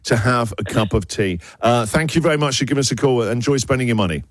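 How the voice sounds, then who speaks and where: A man's voice: medium pitch, expressive, fast talker, dry recording. A middle-aged man hosting a radio phone-in, playful and teasing with his caller. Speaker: radio host.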